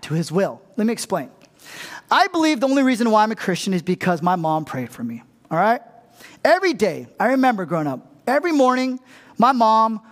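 High-voiced male pastor, chatty sermon. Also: long reverb tail. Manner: casual and humorous, often asks the crowd "right?". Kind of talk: conversational sermon.

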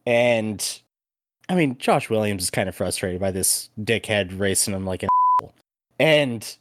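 A man's voice: medium pitch, no room sound. Guy on a podcast telling a wild story, cussing a bunch, dead dry mic. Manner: animated storyteller, swears freely. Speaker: podcast host. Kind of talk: casual chat.

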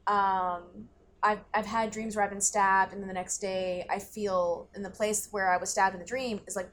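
A young woman talks through a podcast story in loose, rambling chat, dropping fillers and swear words as she goes. Her voice sits at an ordinary pitch, with a faint hiss underneath the recording. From grew up in the country. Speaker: podcast co-host. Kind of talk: casual chat.

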